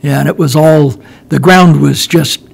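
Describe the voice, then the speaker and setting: A man's voice: on the high side, fairly even intonation, unhurried, creaky. An older man, a guest, telling a long war story in casual chat, rambling with many restarts and chuckling as he goes. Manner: rambling, restarts often, laughs while telling.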